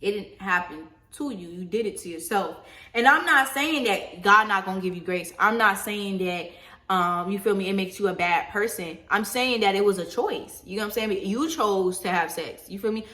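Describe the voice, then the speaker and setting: A young woman, casually lecturing on faith and choices in an animated, slangy way, often asking "you feel me?". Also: medium pitch, normal speed. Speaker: faith vlogger. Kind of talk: casual preachy monologue.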